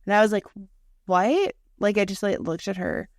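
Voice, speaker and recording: A woman's voice: medium pitch, sing-song, fast, no room sound, studio quality. A young woman co-hosting a casual podcast, telling stories in a chatty way, swearing, laughing and acting out what people said. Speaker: podcast co-host. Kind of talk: casual chat.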